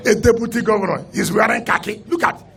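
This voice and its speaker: A man's voice: high voice, fast talker, gravelly, pushed and bright. A Nigerian man, a state governor, making a combative press statement with emphatic repetition. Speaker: state governor and party leader.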